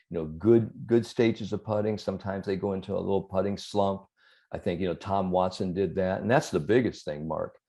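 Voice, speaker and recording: A man, a sports psychologist, talking as an interview guest and telling anecdotes in a lively, chuckling way. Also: deep voice. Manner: animated storyteller, chuckles through anecdotes. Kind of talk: conversational interview storytelling.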